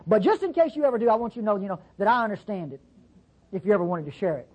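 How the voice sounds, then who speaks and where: A Bible teacher giving a folksy, conversational sermon-style lesson, acting out quotes with sudden pitch jumps. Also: big pitch swings, very fast, a little mellow, husky, low-quality recording.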